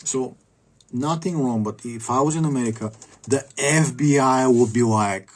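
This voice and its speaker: Brief: a man, casual vlog rant, rambling and full of fillers, medium pitch. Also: moderate pace. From Bulgaria. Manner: rambling with many fillers and restarts. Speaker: vlogger.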